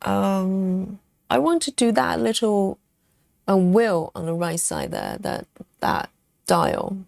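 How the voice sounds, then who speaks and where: Female stitching streamer, unhurried and chatty, with a lilting, swooping voice and dry close sound; laughs a lot. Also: mid-range voice, sing-song, creaky, a little mellow, dry recording. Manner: chatty, laughs often, thinks aloud. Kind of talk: live stitch-along chat.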